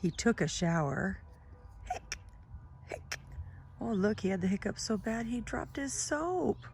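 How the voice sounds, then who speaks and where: A middle-aged woman reading a picture book aloud to young children, gentle and sing-song, pointing out the pictures as she goes. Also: mid-range voice, sing-song, moderate pace, slight background noise. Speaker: children's storytime reader.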